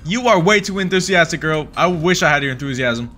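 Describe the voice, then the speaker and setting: A man giving excitable let's play commentary on a horror game, swinging between mutters and yelps. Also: on the high side, fairly quick. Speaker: gaming YouTuber.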